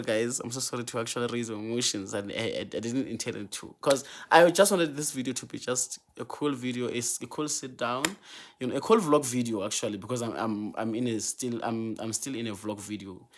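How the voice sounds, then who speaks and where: A young man from South Africa talks straight to his viewers in an emotional vlog, pleading and repeating himself, stumbling over restarts. His voice sits a bit low for a man. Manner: pleading, repetitive, stammers and restarts. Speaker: vlogger. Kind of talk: emotional vlog talk to camera.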